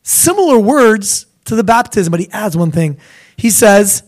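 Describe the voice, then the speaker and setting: Young man, high voice, animated conversational sermon, preacher. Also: moderate pace. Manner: animated, conversational, acts out voices of biblical figures.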